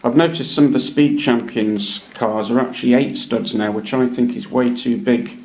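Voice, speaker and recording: A man's voice: mid-range voice, steady tone, moderate pace, a little mellow. A man hosting a hobby channel, chatting casually and hesitantly as he shows off models. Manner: chatty, hesitant, many ums and uhs. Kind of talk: casual show-and-tell narration. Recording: echoey room.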